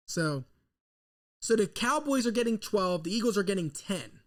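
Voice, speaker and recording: A man, hosting a live draft reaction stream and rambling nervously as an excitable fan into a desk mic. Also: high-pitched, normal speed. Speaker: sports fan host.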